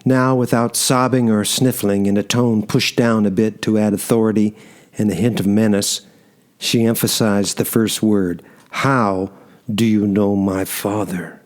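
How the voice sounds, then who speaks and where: A man reading a first-person story aloud in a measured storytelling manner. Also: fairly low pitch, steady tone, darkish tone. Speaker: narrator. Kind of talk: first-person audiobook narration.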